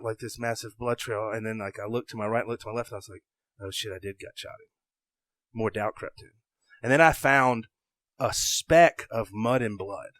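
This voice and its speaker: Excitable man telling a story. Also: medium pitch, no echo. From American South. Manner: excitable, swings from loud bursts to hushed asides; acts out his own past thoughts in quoted lines. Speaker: podcast guest. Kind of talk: animated storytelling.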